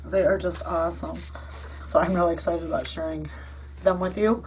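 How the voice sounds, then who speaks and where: Woman, craft vlog host, chatty and gushing, lowish voice, faint hiss behind. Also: fairly even intonation, brisk. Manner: gushing, chatty, many ums and uhs.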